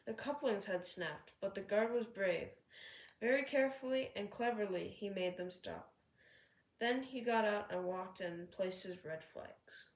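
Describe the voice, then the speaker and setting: A woman narrating a children's railway story aloud. She reads slowly and gently with a mid-range pitch, taking her time over each line. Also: echoey room, poor audio.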